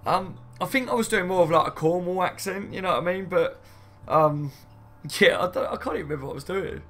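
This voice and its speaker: A man's voice: high voice, fairly quick, a bit bright. A man chatting casually on a live stream, rambling and reading viewer comments aloud, saying "mate" and "you know what I mean" often. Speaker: football fan streamer.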